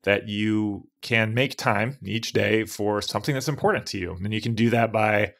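Relaxed low-voiced man, podcast host. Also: moderate pace, vocal fry. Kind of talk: casual podcast chat.

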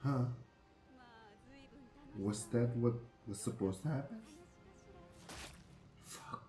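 A man giving live reaction commentary on an anime, excitable and swearing freely as he exclaims at the screen. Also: medium pitch, slow. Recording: echoey room with faint music.

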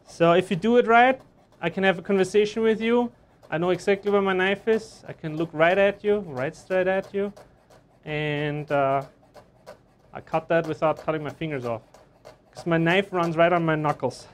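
A man's voice: high-pitched, normal speed, a little hiss or hum. A man chef teaching a live online cooking class, chatty and joking as he explains each step while he works in a kitchen. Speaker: chef instructor.

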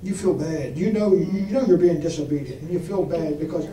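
Folksy high-voiced preacher, echoey. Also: male voice, a little fast, mellow. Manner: folksy testimony with audience questions. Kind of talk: storytelling sermon. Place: church. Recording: echoey room from far off, faint noise.

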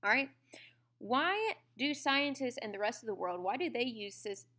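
A woman's voice: on the high side, sing-song, normal speed, pushed and bright. A woman teaching a science lesson in a conversational way, often checking in with "okay?" and "all right?". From United States. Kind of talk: classroom lecture.

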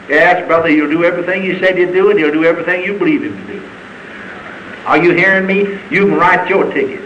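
A man preaching a sermon in a fervent, folksy style, with sudden high shouts. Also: fairly quick, poor audio. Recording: archival sermon tape with faint hiss.

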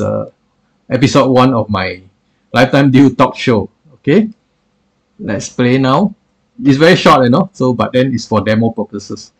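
A man demoing software on screen in a halting way, with lots of fillers like "what I call". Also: mid-range voice, vocal fry, breathy edge. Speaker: software reviewer. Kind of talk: screen-recorded software demo.

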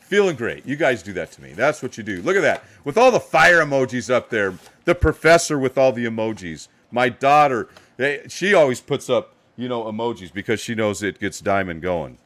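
A man's voice: medium pitch, big pitch swings, moderate pace, hardly any pauses. Upbeat middle-aged man hosting a live stream. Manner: upbeat, hyped shout-outs to chat viewers. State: a little tired. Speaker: live card-break host. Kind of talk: live-stream card break commentary.

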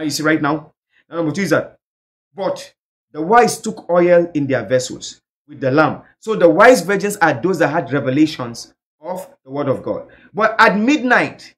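A male evangelist preaching a sermon fervently, building to shouted, repeated calls. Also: sits high.

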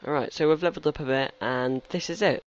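A man's voice: on the high side, quick pace. Teen guy rambling over his game, chatting back at the characters, kinda muffled lo-fi audio. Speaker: gaming commentator. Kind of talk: casual let's-play commentary. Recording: slightly muffled lo-fi recording.

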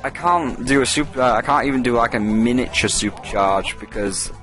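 A man's voice: mid-range voice, normal speed, few pauses, over music. A man giving casual gameplay commentary as a let's play host, rambling and jokey with frequent swearing.

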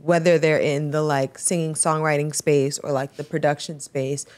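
A woman co-hosting a studio podcast, asking relaxed questions and steering the chat. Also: low-pitched, normal speed. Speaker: podcast co-host. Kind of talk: casual interview questions.

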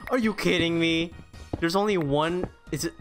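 A man giving casual gameplay commentary, excitable and self-mocking, talking to the creatures in his game. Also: fairly high pitch, moderate pace. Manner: excitable, self-mocking, talks to the game's mobs. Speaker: gaming YouTuber. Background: background music.

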